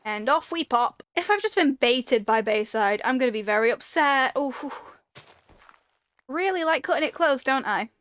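A woman's voice: high-pitched, lively intonation, moderate pace, hardly any pauses, fairly bright tone, clear, resonant tone, no echo, clean studio sound. A woman giving casual commentary while playing a video game, talking to herself and breaking into panicked repeated pleas. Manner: chatty, rambling storytelling with fillers. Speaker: gaming video creator.

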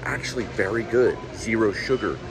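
A man's voice: on the low side, moderate pace, background noise. A man hosting a vlog, chatting casually and rambling with joking asides while he samples food in a large store. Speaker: vlog host.

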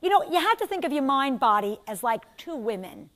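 An older woman with a New York accent lectures a class. Her voice sits high, and she talks in quick, chatty asides. She keeps turning to her students with questions. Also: big pitch swings. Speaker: instructor.

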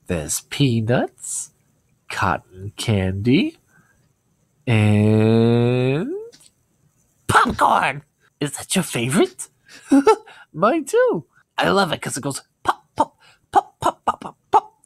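A man voicing an evil shape-shifting clown who swings from whispers to shrill giggles. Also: sing-song, slow, long pauses, dry recording, full character voice. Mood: creepy, teasing.

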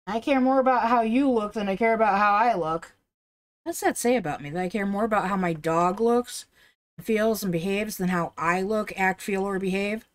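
A woman's voice: mid-range voice, moderate pace. A woman live-streaming a game, chatting in a rambling, blunt way and swearing offhand. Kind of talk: casual live-stream chat.

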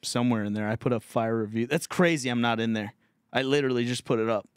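A man's voice: mid-range voice, quick pace, clear, resonant tone, no echo, clean studio sound. A man hosting a podcast, telling a story in a casual, profane, laughing way. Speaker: podcast host.

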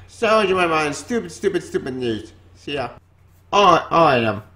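A man hosting a vlog, ranting in exasperation and jumping between low mutters and sudden high outbursts. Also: sharp tone. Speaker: comic book vlogger.

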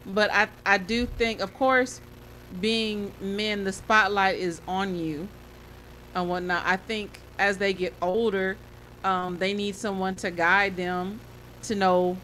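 A mother co-hosting a casual talk show, telling stories in a relaxed way and laughing often. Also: mid-range voice, takes it slowly, a little hiss or hum. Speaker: podcast co-host; mother of a football player. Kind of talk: casual chat.

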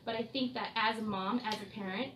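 Earnest woman co-host, high-ish voice, recorded off mic in an echoey room with a crowd behind. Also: fairly even intonation, a little fast, a bit bright, recorded from a distance, slight background noise. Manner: earnest, emphatic, talks about motherhood frankly. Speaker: podcast co-host. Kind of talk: casual podcast chat.

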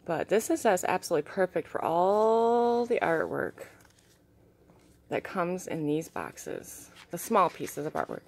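A young woman with a somewhat low, breathy voice talks through a casual show-and-tell vlog. She gushes softly over each piece and often sinks into a near-hush. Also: sing-song, measured pace. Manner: gushing, soft-spoken, drops to hushed tones. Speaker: vlogger showing crystals and art.

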